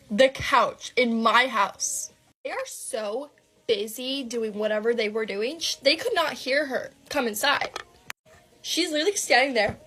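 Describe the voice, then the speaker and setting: A young woman tells a personal story in a casual storytime style. Her voice sits slightly high. Her telling is dramatic and quick, with "like" fillers and swearing throughout. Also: a bit bright.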